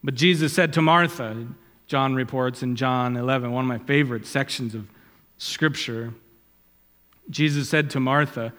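A man preaching a sermon, swelling loud and high when he quotes Scripture and dropping low and quiet on asides. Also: moderate pace. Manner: rises in pitch and volume when quoting Scripture, drops low on asides. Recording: long hall reverb.

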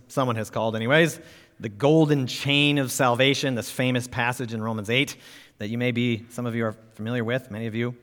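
A man preaching a sermon as pastor, emphatic and pushing up on key words, asking his listeners direct questions. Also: medium pitch. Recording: reverberant hall.

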